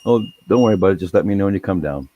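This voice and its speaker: Man, very deep voice, casual chat, rambling storyteller, lots of swearing. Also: lively intonation, racing, mellow, muffled recording, a little hiss or hum. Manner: rambling, heavy swearing, laid-back.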